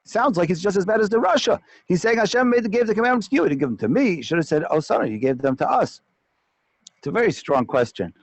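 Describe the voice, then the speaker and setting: A man teaching a Torah class as a rabbi, animated and often stumbling over repeated words as he explains. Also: a little high, dry recording, poor audio.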